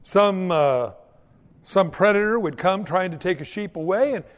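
A man preaching a sermon as a pastor, telling stories in a folksy, animated way. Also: high-pitched, a little slow, in a large hall. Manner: animated, folksy storytelling with mock old-English prayers.

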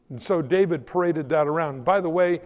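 A man preaching a sermon in an animated, folksy storytelling manner, acting out the quotes. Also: a little high, long reverb tail, dull audio.

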